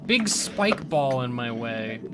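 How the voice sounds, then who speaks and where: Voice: mid-range voice, big pitch swings, slow, very noisy. A player on a game stream bantering playfully while they play. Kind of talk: casual chat over gameplay.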